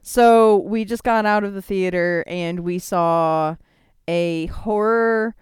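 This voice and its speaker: Bubbly woman podcast co-host, smooth voice. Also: mid-range voice, slow, dry recording, studio quality. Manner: bubbly, laughs often. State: a little out of breath. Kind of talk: casual chat. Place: in a car.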